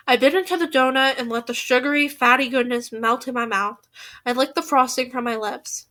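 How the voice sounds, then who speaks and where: A woman's voice: fairly high pitch, normal speed, pushed and bright. A woman reading a novel aloud who trips over words now and then and laughs at her own slips. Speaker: audiobook reader.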